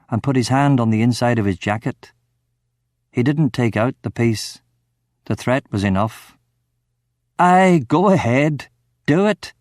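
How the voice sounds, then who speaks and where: A man's voice: mid-range voice, dry recording, studio quality. Man narrating a dramatic audiobook. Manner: dramatic, acts out the shouting dialogue.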